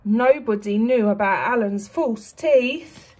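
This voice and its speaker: A woman teacher reads a picture book aloud to young children. She is expressive and often stops to ask them questions. Her voice is fairly high with a husky grain. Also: takes it slowly.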